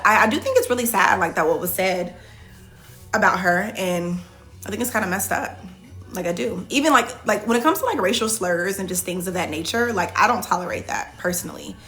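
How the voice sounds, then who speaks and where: A reality show contestant loosely hosts a livestream Q&A, replying to viewer comments on the fly with many restarts and "like" fillers. She has a sharp, medium-pitched voice, lively intonation, and a moderate pace, with soft music in the background.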